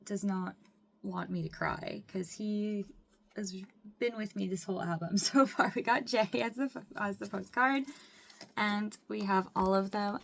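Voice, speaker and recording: Young woman vlogger, excitable unboxing chatter, gravelly fry, mid pitch, frequent squeals and laughs. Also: slight background noise. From Mississippi. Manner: gushing, squeals and laughs often, says "like" a lot. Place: home room with window.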